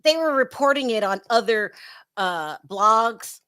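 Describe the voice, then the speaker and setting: A woman hosting a casual online celebrity gossip show, chatty and quick to laugh, often restarting her sentences. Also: a little high, lively intonation, sharp tone. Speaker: show host.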